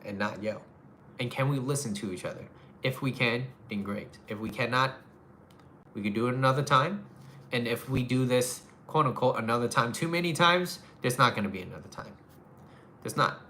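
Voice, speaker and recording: A man's voice: mid-range voice, moderate pace, sharp tone, a little hiss or hum. A man giving casual relationship advice to a live audience, talking frankly, swearing casually and repeating his phrases.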